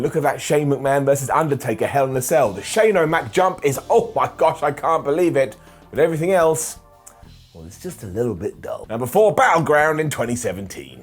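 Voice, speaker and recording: A man hosting a wrestling ranking video, losing his voice and talking in an animated, theatrical way. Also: a little high. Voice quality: husky. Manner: animated and theatrical, dramatic pauses. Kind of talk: opinionated ranking commentary.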